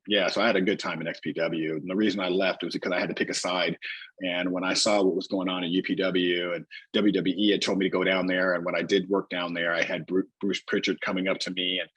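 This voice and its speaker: A man's voice: deep voice, fairly bright tone, husky, no room sound, low-quality recording. A middle-aged man, a former pro wrestler guest on a podcast, tells rambling anecdotes with lots of "you know" and restarts. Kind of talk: casual storytelling in a podcast interview.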